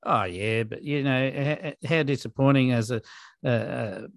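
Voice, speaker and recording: A man's voice: medium pitch, moderate pace, creaky, no echo, clean studio sound. A man with an Australian accent, a podcast co-host in casual chat, talking in an exasperated way with stammered restarts.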